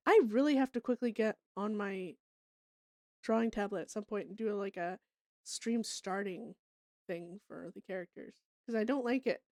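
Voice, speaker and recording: A woman's voice: mid-range voice, normal speed, a little mellow, no echo, studio quality. A young woman from Canada chatting casually with her stream viewers, laughing often and swearing freely.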